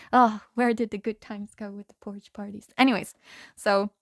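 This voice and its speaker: Norwegian woman reader, rambling and laughing, mid pitch, dry. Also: no echo. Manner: laughing often, rambling, self-interrupting. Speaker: tarot reader. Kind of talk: rambling casual storytelling.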